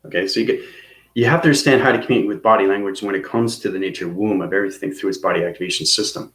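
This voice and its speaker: A man's voice: deep voice, racing, fairly bright tone, roomy sound. A man giving a rambling spiritual lesson, often stopping to check in with "okay?" and "right?". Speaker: spiritual teacher. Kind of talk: casual instructional monologue.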